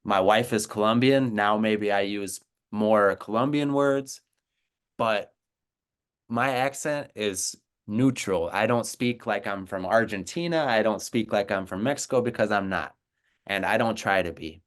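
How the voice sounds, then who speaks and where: A man's voice: fairly low pitch, unhurried. A man from the United States, a native English speaker, talking earnestly and encouragingly with his co-host about learning languages. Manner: earnest, encouraging, repeats words. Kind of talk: casual conversation.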